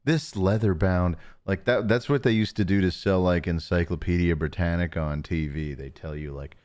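A man hosting a live stream, chatting casually with viewers and talking softly close to the mic to save his voice. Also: low-pitched, a little fast, hardly any pauses. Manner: joking, reads chat names aloud. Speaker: livestream host.

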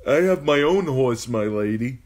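A man voicing a tall young woman knight who speaks quietly, her voice near breaking. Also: medium pitch, animated, unhurried, pitched above the performer's own voice, close to an everyday voice. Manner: soft, shaky voice near breaking.

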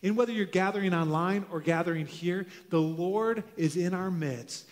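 A man preaching a sermon as pastor to his congregation, earnest, drawing out key phrases slowly for emphasis. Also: sits high. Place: church sanctuary. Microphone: handheld microphone. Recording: long hall reverb of a church.

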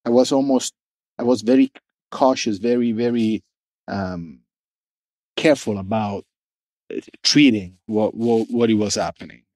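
A man being interviewed about the brand he founded, talking casually and haltingly, often restarting as he searches for words. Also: fairly low pitch, darkish tone, no room sound. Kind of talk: casual conversation.

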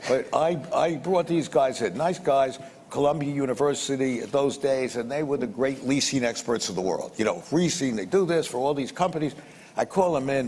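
An older man from the United States talks business in a blunt, street-smart way, acting out both sides of each exchange. His voice sits at an ordinary male pitch. It carries a long reverb, with a faint hiss underneath. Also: a little mellow. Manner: blunt, acts out the dialogue in his stories, with punchy repetitions. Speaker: businessman interviewee. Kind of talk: anecdotal storytelling. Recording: reverberant room with faint background noise.

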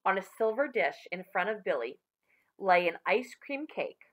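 A woman's voice: medium pitch, big pitch swings, a little slow, a bit bright. A woman reading a children's chapter book aloud, chatting with young listeners between chapters. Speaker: reader for children.

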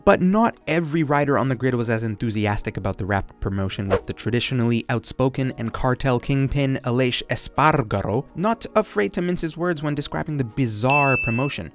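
A man's voice: mid-range voice, expressive, brisk, hardly any pauses, faint music behind. Joking male motorsport channel host. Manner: joking, sarcastic asides. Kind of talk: scripted casual commentary.

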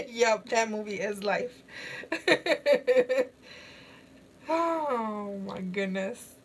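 A young woman with a higher voice chats in a relaxed, unhurried way during a face-mask session, breaking into giggles often. She talks about a movie and answers comments from her chat, and her speech is loose and full of fillers. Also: breathy edge. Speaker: beauty vlogger. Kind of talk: casual chat while wearing a face mask.

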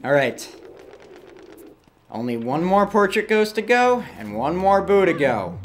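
A man's voice: high-pitched, sing-song, unhurried, soft background music. A man commentating his own gameplay, easily frustrated, swearing and pleading at the game as he plays. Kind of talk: let's play commentary.

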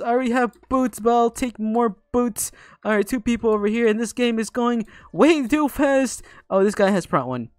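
A young man giving excitable, jokey live commentary over a game, teasing the players he fights. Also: very high voice, normal speed, clear, resonant tone, dry recording, clean studio sound. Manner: excitable, jokey, talks to opponents. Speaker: gaming YouTuber.

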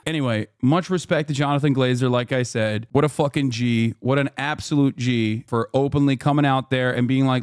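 A man's voice: mid-range voice, steady tone, fairly quick, few pauses, clean tone, dry recording, studio quality. A man hosting a live stream, talking bluntly and sarcastically in casual commentary, swearing often. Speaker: streamer host.

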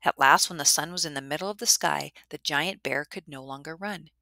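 A woman telling a traditional story in a measured, dramatic narration. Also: low-pitched, creaky, sharp tone, no echo, clean studio sound.

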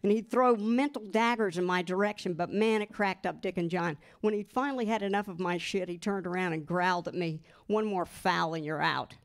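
A woman reading a first-person memoir aloud to an audience, expressive and lively, giving the quoted lines their own voices. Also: mid-range voice, a little fast, hardly any pauses. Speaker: guest reader.

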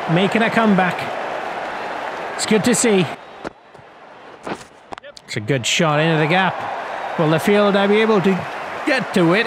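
Chatty young man commentating a game. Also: on the high side. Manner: chatty, rambling, excitable on big shots. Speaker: gaming commentator. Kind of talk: casual play-by-play commentary over a cricket video game. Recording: loud crowd and game noise behind.

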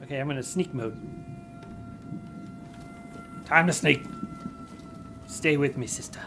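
A gaming channel host giving let's-play commentary, loud and exclamatory, yelling at enemies and making sarcastic asides. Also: medium pitch, normal speed, music in the background.

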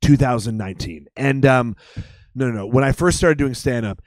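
A man from Chicago, a comedian guest, chatting with jokey, excitable asides. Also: mid-range voice, moderate pace, no echo. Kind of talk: casual chat. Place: comedy club room.

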